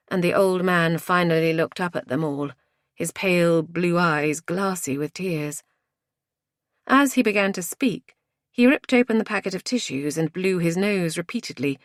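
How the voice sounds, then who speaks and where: A woman narrating a domestic thriller audiobook in a measured, even way. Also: lowish voice, no echo, studio quality. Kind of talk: scripted narration.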